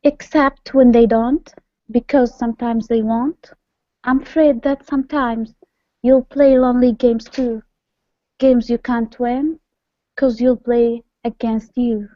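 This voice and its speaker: Woman learner reading aloud slowly. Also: fairly high pitch, steady tone, no echo, highs cut off. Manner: careful, hesitant reading. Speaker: student. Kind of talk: reading aloud in a language class.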